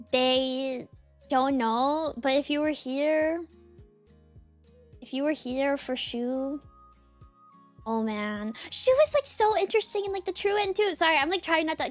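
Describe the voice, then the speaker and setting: A woman's voice: high voice, slow pace, pauses often, soft background music. A woman streamer chatting casually at her desk in a bubbly way, full of fillers, greeting viewers one by one. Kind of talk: casual live-stream chat. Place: home desk.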